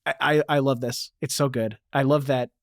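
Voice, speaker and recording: An enthusiastic man hosting a casual podcast chat, his voice sitting at an ordinary middle pitch. He reads passages aloud eagerly. The sound is dry and close, with no room echo. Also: fairly even intonation, normal speed, creaky. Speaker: podcast host.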